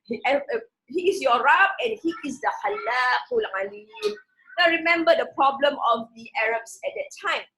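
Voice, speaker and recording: A woman teaching a Quran passage, reading the Arabic words slowly and with stress, then explaining them in a relaxed way with many restarts. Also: high-pitched, poor audio.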